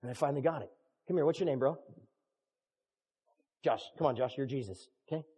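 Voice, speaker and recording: A middle-aged man preaching a sermon as a pastor, animated and joking, acting out scenes. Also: mid-range voice, fairly quick, breathy edge. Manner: animated, jokey preaching with acted-out dialogue. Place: church hall. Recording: long reverb of a large hall.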